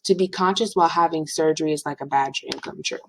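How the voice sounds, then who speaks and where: A young woman in her twenties telling a storytime in casual chat, animated and dramatic. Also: fast talker, creaky, a little hiss or hum, poor audio. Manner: animated, dramatic, swings into playful high voices for quotes. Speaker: vlogger.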